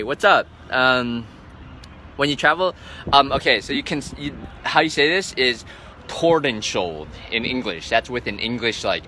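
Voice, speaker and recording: In a pushed, bright mid-range voice, a man vlogs live outdoors among boats on a handheld phone, the background noisy. As a travel vlogger he answers viewers' questions casually and ramblingly, leaning heavily on "um" and "like."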